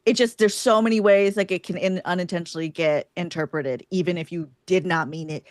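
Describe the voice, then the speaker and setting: A woman's voice: lowish voice, a little fast, no echo, clean studio sound. A woman co-hosting a live podcast, talking casually and often filling with "like". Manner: chatty, heavy use of "like". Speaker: podcast co-host.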